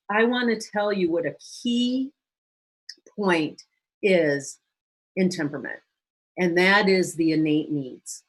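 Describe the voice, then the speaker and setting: A woman counselor giving a lively teaching talk to a church audience, briefly acting out quoted phrases. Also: lowish voice. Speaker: guest speaker and counselor.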